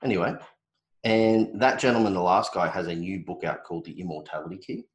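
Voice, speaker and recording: A man's voice: sits low, animated, fairly quick, echoey room, low-quality recording. An Australian man co-hosting a podcast, chatting in a laid-back, joking way with frequent restarts. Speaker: podcast co-host. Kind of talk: casual chat.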